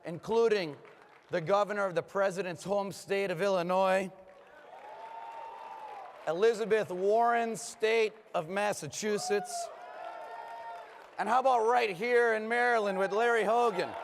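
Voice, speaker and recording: A man giving a rousing political conference speech from a podium, his voice hoarse from overuse, with punchy applause lines. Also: sits high, measured pace, pauses often, noisy background. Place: large conference hall. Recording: long reverb of a big hall.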